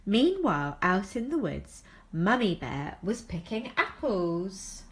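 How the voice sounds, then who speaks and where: A woman reading a picture book aloud to preschool children, slow and expressive. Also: medium pitch. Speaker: storyteller for preschoolers.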